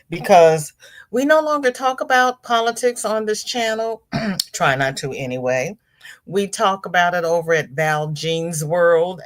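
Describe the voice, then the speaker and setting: A woman hosting a casual livestream, greeting chat viewers by name in sing-song hellos and jumping to high exclamations. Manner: chatty and animated, with sudden high exclamations. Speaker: livestream host.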